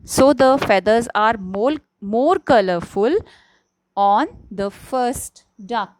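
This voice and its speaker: Young adult woman, patient teacher for beginners: slow, repetitive and clear, with a slightly higher voice. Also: expressive, rough recording. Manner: patient, repeats key words, frequent "okay?" checks. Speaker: English teacher. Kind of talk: slow, simple classroom explanation.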